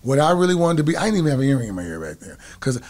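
A man's voice: mid-range voice, sing-song, rapid-fire, darkish tone. A middle-aged man telling stories from his past in a casual interview, laughing often and breaking into snatches of song. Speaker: guest telling his story.

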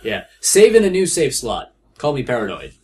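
A man's voice: mid-range voice, normal speed. A man casually coaching a friend through a video game, talkative and full of restarts. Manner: animated, chatty, with frequent restarts. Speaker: guide coaching the player. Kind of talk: casual let's-play banter. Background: game music.

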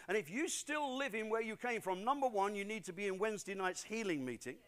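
Middle-aged British male preacher, emphatic sermon delivery, high-pitched and very animated. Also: brisk, few pauses. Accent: British English. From Britain. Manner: swings from loud preaching to quiet storytelling; animated, emphatic, repeats for stress. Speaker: pastor.

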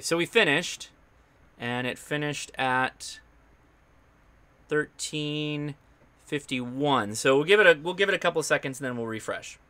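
A man's voice: medium pitch, vocal fry, pushed and bright. A man hosting a live ham radio stream, explaining his gear in a chatty, upbeat way with loose restarts. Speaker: ham radio show host. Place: home radio station.

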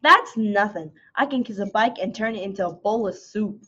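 A woman voicing a jealous, showy fairy in a children's storybook reading, with shrill bragging exclamations over a slightly dull lo-fi recording. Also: normal speed, sharp tone, breathy edge.

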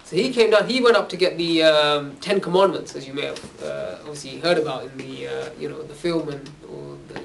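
A man's voice: fairly high pitch, a little fast, creaky, few pauses, noisy background. A man giving an informal religious talk to young people, telling stories casually and checking in with a questioning "yeah?" after nearly every phrase. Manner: casual, conversational storytelling. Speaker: religious speaker. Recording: distant from the mic.

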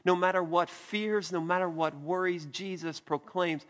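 A man preaching a sermon as pastor, earnest and deliberate, with soft emphatic pauses. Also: high voice, fairly even intonation, long reverb tail. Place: church.

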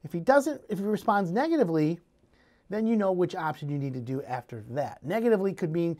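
A man giving casual home improvement advice, telling scenarios in an animated way. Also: a little high, a little fast. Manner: animated storytelling, acting out scenarios.

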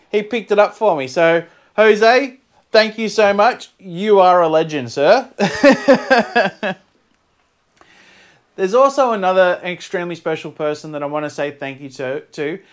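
An Australian man, excitable and quick to laugh, chatting casually to camera as a fluid art vlogger. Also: sits high. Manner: excitable, laughs often, bursts into shouts.

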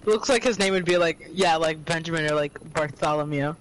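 A streamer playing a game live, joking and teasing, quick to laugh. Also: medium pitch, a bit bright, a little hiss or hum, poor audio. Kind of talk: casual gaming chat. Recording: ukulele music behind. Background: ukulele music.

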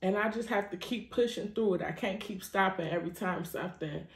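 A woman's voice: medium pitch, a little fast, roomy sound, slight background noise. A woman vlogging, grieving and heartfelt, with a casual cussing manner, crying at times. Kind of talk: tearful personal vlog.

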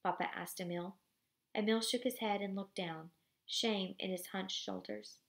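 A woman reading a novel aloud with commentary. She reads in a steady storybook manner, with casual asides. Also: medium pitch, measured pace, vocal fry.

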